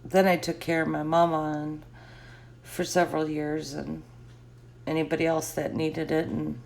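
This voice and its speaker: A woman's voice: low voice, flat delivery, normal speed, creaky, a little mellow, slight background noise. A middle-aged woman chatting casually and answering live comments, laughing often.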